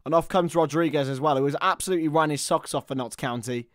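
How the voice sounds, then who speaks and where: A man giving live football commentary, chatty with listeners and bursting into shouts at chances and goals. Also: on the high side, fast talker, dry recording, clean studio sound.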